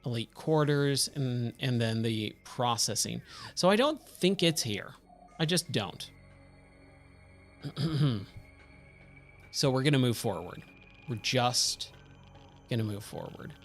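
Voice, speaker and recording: A man's voice: mid-range voice, animated, slow pace, pauses often, faint music behind. A man giving casual, rambling commentary as he streams a game, thinking aloud and wandering off into tangents. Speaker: gaming streamer.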